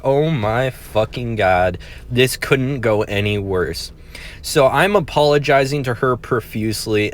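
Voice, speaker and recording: A young man recounts a personal story for his vlog, talking frankly and peppering it with swearing. He pokes fun at himself as he goes. His voice sits at an ordinary male pitch. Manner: candid, profane, self-deprecating. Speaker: vlogger.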